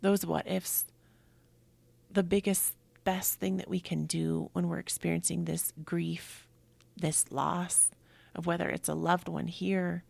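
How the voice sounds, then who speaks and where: A middle-aged woman speaking in an earnest, reflective monologue as a yoga teacher and host, often sinking to a breathy near-whisper. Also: fairly low pitch, little pitch movement, takes it slowly, a little mellow, no echo.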